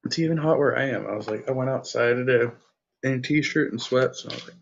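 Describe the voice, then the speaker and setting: A man's voice: mid-range voice, fast, gravelly, a little hiss or hum. A man reading his own first-person story aloud, then chatting casually and self-deprecatingly about his writing. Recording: lo-fi, dull sound.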